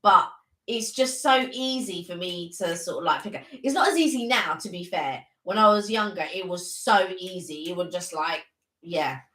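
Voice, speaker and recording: Woman co-host, lower voice, rambling chatty anecdotes, echoey room. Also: expressive, moderate pace, pushed and bright. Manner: rambling anecdotes with many fillers. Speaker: live stream co-host. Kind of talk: casual chat.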